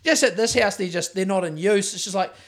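A man with a New Zealand accent and a high-sitting, fairly bright voice co-hosts a podcast, speaking briskly in casual chat. He rambles through stories and swears freely.

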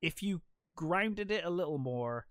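A young man chatting casually about a film on a podcast, excitedly walking through the plot and filling gaps with "um" and "uh." His voice sits slightly high, and it is recorded close and dry with no room sound. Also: a little slow, no room sound. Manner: enthusiastic, retells plot with many fillers. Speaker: podcast co-host. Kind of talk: casual film review chat.

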